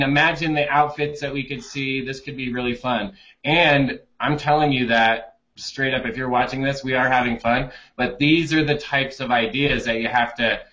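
A man joking and riffing in a casual chat, playing up a mock sales pitch over a video call. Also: pushed and bright. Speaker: co-host marketing leader. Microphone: webcam on a video call. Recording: dull lo-fi video-call audio.

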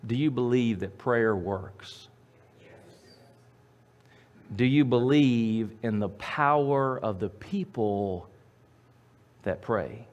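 A man preaching a sermon as pastor, emphatic, repeating his phrases and swinging from loud to quiet. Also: mid-range voice, slow pace, long pauses, lo-fi sound.

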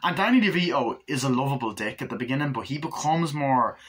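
A man giving a casual, rambling movie review, acting out scenes in quick bursts. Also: husky. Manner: rambling, acts out scenes in high excited voices.

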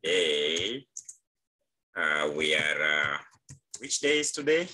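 Kenyan male teacher, low voice, hesitant, on a video call; bright and a touch husky. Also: sing-song, slow, rough recording. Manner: hesitant, many uh fillers. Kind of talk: live online class.

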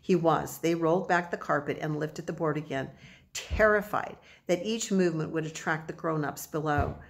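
A woman narrating a children's audiobook in a measured, expressive storytelling manner. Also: low-pitched, creaky.

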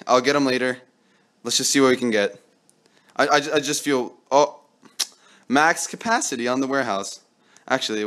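A young man commenting on his own mobile gameplay, pleading with the game and yelling when his luck turns. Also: mid-range voice, smooth. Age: young adult. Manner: excitable, pleading with the game, yells when lucky.

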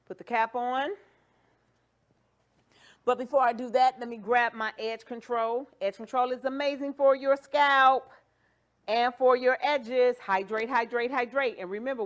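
A woman hosting a livestream wig demonstration, playful and chatty, joking and cheering viewers on with catchphrases. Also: on the high side. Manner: playful, sings and jokes, hype catchphrases. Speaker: wig shop host. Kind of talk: livestream product demo.

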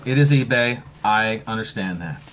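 A man's voice: lowish voice, animated, normal speed, fairly bright tone, a little hiss or hum. A man in his forties with an Eastern Shore of Maryland accent, chatting casually through an unboxing with a joking, rambling, self-mocking manner. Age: 40s. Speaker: pipe-collecting vlogger.

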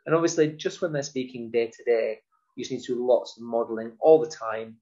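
A man explains early reading skills to parents in a patient, instructional tone. He stretches out sounds and repeats words slowly to demonstrate them. The recording is dull and lo-fi. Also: medium pitch, dark tone. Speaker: nursery teacher.

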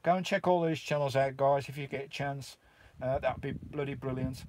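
A man's voice: medium pitch, fairly even intonation, moderate pace, a little mellow, no echo. A Welsh man from Wales, chatting casually on a live stream and greeting viewers as mate and bro from his camper van. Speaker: vlogger hosting a live stream. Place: inside his camper van in a remote valley.

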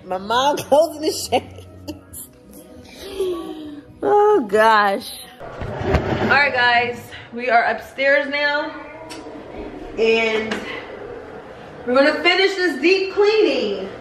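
A woman's voice: high-pitched, very animated, drawn-out words, long pauses, over music. Chatty woman vlogging at home, echoey room. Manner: chatty, laughing, frustrated asides. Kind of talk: casual home vlog chat. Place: house, indoors. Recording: echoey rooms, household noise.

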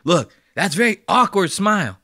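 A man's voice: high-pitched, big pitch swings, normal speed, pushed and bright, no room sound, studio quality. A man hosting a podcast, riffing loosely and profanely while reacting to a video. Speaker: podcast host. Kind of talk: casual reaction commentary.

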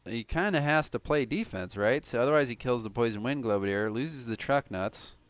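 A man's voice: mid-range voice, expressive, brisk, no echo. A man from Cleveland giving casual, analytical live commentary on a tournament game, swearing now and then. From Cleveland, USA.

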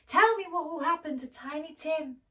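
A high, frantic old miser pleads and stammers in loud bursts, as a woman reader puts him on. The voice leaps well above her usual tone. It sits a little back from the mic. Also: moderate pace, far from the mic. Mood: frightened pleading. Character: frightened, then joyful old miser Scrooge.

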